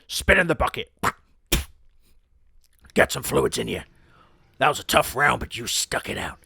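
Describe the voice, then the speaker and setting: A man putting on the voice of a gruff male boxing coach giving a barking pep talk. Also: mid-range voice, very animated, a little slow, sharp tone, no room sound, studio quality, full character voice. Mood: fired up.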